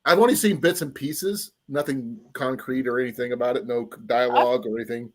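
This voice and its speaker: A man's voice: mid-range voice, fairly quick. A man hosting a casual live-stream chat, bantering and teasing his co-hosts. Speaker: host.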